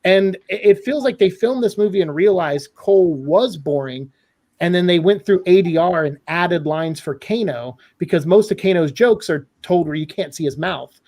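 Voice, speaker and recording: A man giving an animated, opinionated critique as a guest in a casual podcast discussion. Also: high-pitched, normal speed.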